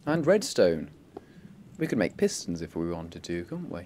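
A man chatting casually while playing a game, easily startled and quick to exclaim. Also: low-pitched, very animated, a little mellow. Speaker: gamer. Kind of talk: casual let's-play chat. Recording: faint background noise.

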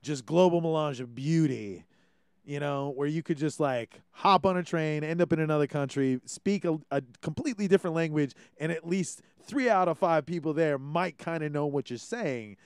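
A man's voice: on the high side, moderate pace, darkish tone, clean tone, no echo, clean studio sound. A young man with a Hawaiian accent hosting a casual podcast, rambling and ranting with plenty of swearing. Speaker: podcast host. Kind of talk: casual monologue.

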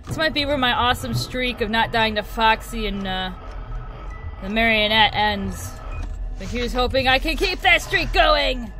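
A young woman hosting a let's play of a horror game, chattering excitedly and shrieking at scares. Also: on the high side, moderate pace. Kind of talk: excitable gameplay commentary. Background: game music.

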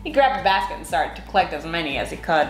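A woman reading a children's picture book aloud in an expressive, sing-song way. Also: fairly low pitch, fast talker, echoey room, faint music behind. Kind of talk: read-aloud storytelling.

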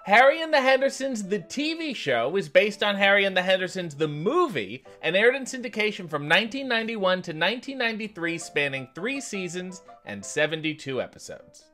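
A man hosts a comedic recap, his pitch leaping up and down as he delivers sarcastic asides and casual swearing. Faint music plays softly behind him. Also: sing-song, fairly quick, hardly any pauses. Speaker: host.

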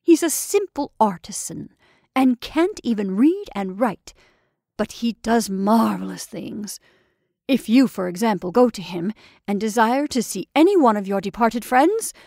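A woman's voice: fairly high pitch, sing-song, measured pace, darkish tone, no echo, studio quality, heavily acted. A woman voicing a sly, wheedling male inn waiter who talks in a drawling, conspiratorial way and often drops to a whisper. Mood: confiding.

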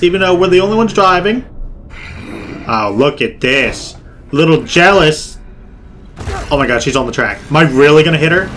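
A man giving loud, jokey game commentary, swearing and yelping in fright as he plays. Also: a little high, lively intonation, moderate pace, long pauses, slight background noise. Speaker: gaming video creator.

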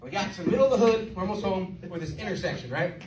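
High-voiced man doing stand-up in a roomy club. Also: fast talker, recorded from a distance, background noise. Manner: animated storytelling, mimics chants. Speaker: stand-up comedian. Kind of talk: stand-up comedy set. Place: comedy club stage. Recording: roomy club, mic off-axis, crowd laughing. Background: audience laughter.

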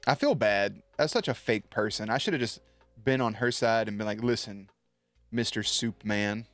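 A man's voice: fairly low pitch, a little fast, no echo, faint music behind. A man streaming live, chatting loosely and swearing as he tells a story to his viewers, with many restarts.

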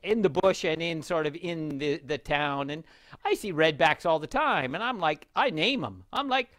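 A man in a relaxed casual chat, easygoing and quick to laugh. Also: fairly high pitch, no echo, clean studio sound.

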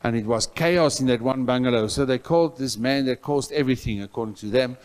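A male pastor from South Africa preaching a sermon in a church, telling a story with loud outbursts that drop to soft asides. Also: mid-range voice, brisk.

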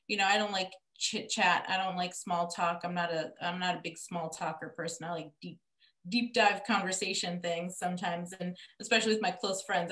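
Chatty woman host in an echoey room. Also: medium pitch. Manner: chatty, many fillers, gets animated. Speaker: podcast host. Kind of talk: casual podcast chat.

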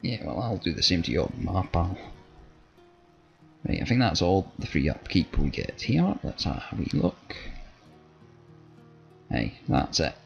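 A man's voice: low-pitched, sing-song, a little slow, gravelly, long pauses. A man with a Scottish accent doing let's play commentary, blunt, sweary and joking. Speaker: gaming channel host. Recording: slightly dull audio with faint game music.

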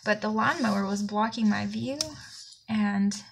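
A woman's voice: medium pitch, steady tone, a little slow, creaky, slight background noise. A woman with a Southern US accent telling a long indignant story in a chatty vlog, slightly out of breath. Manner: chatty, indignant rambling anecdote. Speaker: planner vlogger.

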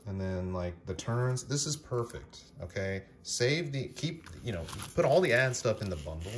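A man with a lowish voice rambles casually as he opens a box of cards, often stopping to correct himself or fill a pause. The recording is noisy, with crinkling wrappers and clicks behind him. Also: animated. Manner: rambling, self-correcting, filler-heavy. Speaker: card-opening vlogger. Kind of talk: casual unboxing vlog. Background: crinkling packaging and clicks.

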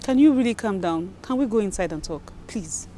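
A woman's voice: mid-range voice, lively intonation, a little fast, mellow, a little hiss or hum, close to an everyday voice. An actress with a Nigerian accent playing a loyal wife who insistently defends her partner and pleads with her friend. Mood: pleading. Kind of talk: film drama acting.

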